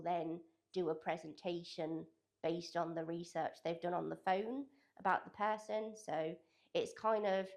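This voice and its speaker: A young woman with a fairly low voice answers interview questions about her college work. She talks loosely and hedges often, filling her sentences with "kind of" and "sort of". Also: vocal fry, darkish tone. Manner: loose, hedging talk full of "kind of" and "sort of". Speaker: digital communications apprentice at a college.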